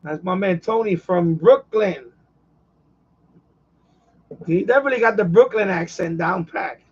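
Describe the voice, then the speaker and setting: A man's voice: high-pitched, unhurried, a little mellow, husky, lo-fi sound. A man with a New York accent chatting casually and repetitively on his radio hobby live stream. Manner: repetitive, conversational, chuckles often. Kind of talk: casual rambling chat.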